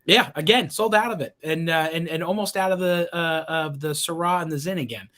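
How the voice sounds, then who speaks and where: A man's voice: fairly high pitch, fairly quick, bright, forceful tone. Chatty man selling wine on a livestream. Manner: chatty, enthusiastic salesman with many fillers and restarts. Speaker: wine shop host. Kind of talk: live-streamed wine show, casual sales talk.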